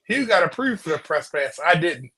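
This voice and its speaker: A man co-hosting a wrestling podcast, telling his side of a story excitedly. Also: fairly high pitch, normal speed, a loud crowd. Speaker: podcast co-host. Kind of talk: casual chat.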